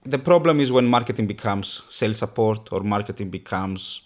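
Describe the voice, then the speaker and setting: Low-voiced man hosting a business chat. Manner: thoughtful, halting restarts. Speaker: podcast host. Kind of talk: casual business conversation.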